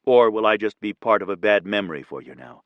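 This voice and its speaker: A man's voice: fairly low pitch, lively intonation, a little fast, dry recording, dull audio, close to an everyday voice. Narrator doing a tired, teasing businessman. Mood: tired, warm. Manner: gentle teasing. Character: exhausted kind businessman, gently teasing.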